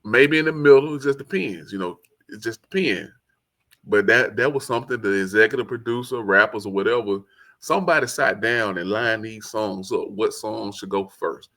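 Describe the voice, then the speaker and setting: A man with a Southern accent casually reviewing a hip-hop album as host, excitable and rambling as he talks. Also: lowish voice, moderate pace. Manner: excitable, rambling, quotes lyrics in song voice. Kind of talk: casual solo commentary.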